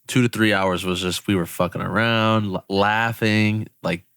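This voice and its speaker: A young man co-hosting a podcast tells a story in a bright, forceful voice, laughing and swearing as he goes. His pitch sits a little low, and the recording is close and dry, with no room sound. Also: measured pace, clean tone, dry recording. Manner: laughing, swearing, animated retelling. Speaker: podcast co-host. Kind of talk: casual storytelling.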